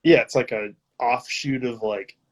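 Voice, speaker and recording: A man's voice: mid-range voice, a little slow. A man guesting on a casual video-call chat, retelling funny sketches eagerly with lots of fillers. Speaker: guest musician.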